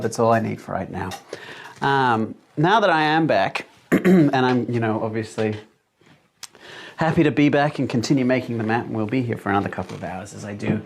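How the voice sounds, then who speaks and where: This is a man raised in Australia who speaks with an English accent from his British parents. He has a mid-pitched, slightly gravelly voice. He chats casually and rambles to his livestream viewers from a small room at home. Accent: English accent from British parents, living in Australia. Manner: rambling and chatty, with many fillers and restarts. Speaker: livestream host and mapmaker. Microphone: desk mic, no headphones.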